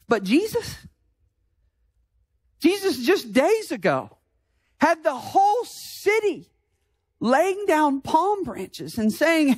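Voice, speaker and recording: Woman pastor, high voice, slow and deliberate sermon delivery, impassioned, with shouted emphasis. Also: very animated, husky, no echo. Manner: impassioned, building to shouted emphasis with rhetorical questions.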